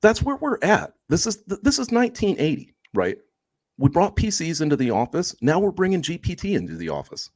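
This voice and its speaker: A man co-hosting a podcast discussion, talking in an animated, conversational way and tagging his points with quick questions. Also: a little high, no echo, clean studio sound. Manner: animated, conversational, drops in "right?" tags. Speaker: co-host.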